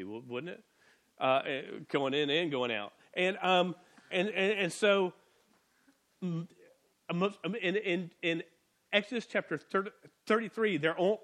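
A man with a fairly high voice preaches in a loose, conversational way. He is animated and lively, dropping into little voices as he retells the story. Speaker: pastor. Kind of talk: sermon.

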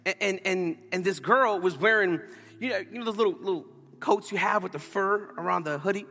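A man preaching a sermon as pastor, telling a story in an animated, playful way. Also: high-pitched, fairly quick, long reverb tail, faint music behind. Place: church sanctuary.

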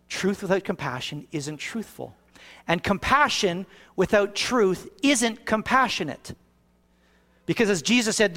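A man preaching a sermon as pastor, shifting from hushed passages to raised, emphatic ones. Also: high-pitched. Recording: long reverb of a hall.

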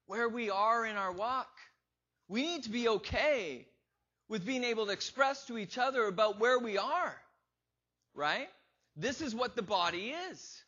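High-voiced man preaching a sermon. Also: pushed and bright. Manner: conversational, asks the congregation questions; acts out quoted inner voices with rising emphasis. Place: church. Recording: slightly dull lo-fi recording.

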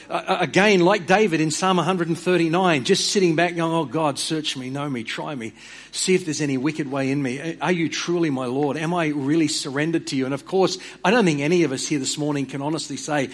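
Earnest male pastor preaching a sermon. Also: a little high. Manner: earnest, repeats words for emphasis; stammers on opening words.

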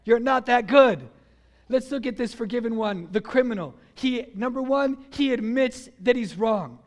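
A middle-aged man preaching a sermon, telling a childhood story in a conversational, animated way and acting out the voices. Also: very high voice, moderate pace. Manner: animated, acts out his own and others' voices in the story; conversational, frequent fillers like "you know" and "like". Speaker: pastor.

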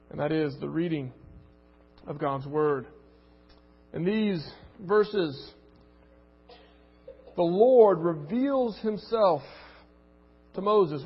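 A pastor preaches and reads scripture aloud, earnest and emphatic, repeating words to build his point. His voice sits high and is husky, and he takes it slowly with frequent pauses. The recording is muffled with long reverb.

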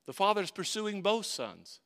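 Male pastor, fairly high voice, preaching a sermon with big swings between forceful emphasis and near-hushed lines, reading and unpacking scripture. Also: big pitch swings, unhurried, clear, resonant tone. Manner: reads scripture aloud and comments on it.

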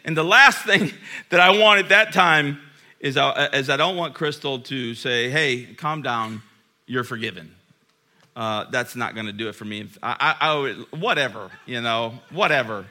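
A man preaching a sermon in a church, chatty and self-deprecating, telling stories and sinking to a hushed, earnest tone. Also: mid-range voice, normal speed. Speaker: pastor.

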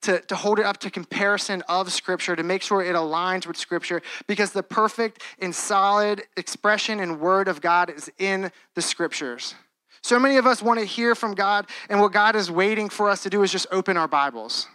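A man's voice: high-pitched, sharp tone, no echo. A young man in his twenties preaching a sermon in an earnest, conversational way, with frequent restarts and casual fillers.

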